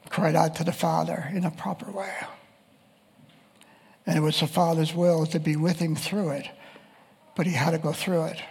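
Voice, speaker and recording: Gravelly high-voiced man preaching in a hall. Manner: reads scripture aloud and quotes voices of the text. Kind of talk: sermon.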